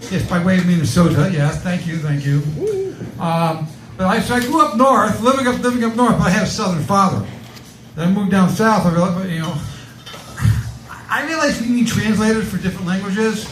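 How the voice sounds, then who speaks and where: A man from Connecticut doing a stand-up comedy set, with a halting, filler-heavy delivery. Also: sits high, roomy sound, noisy background. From Connecticut, USA. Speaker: stand-up comic.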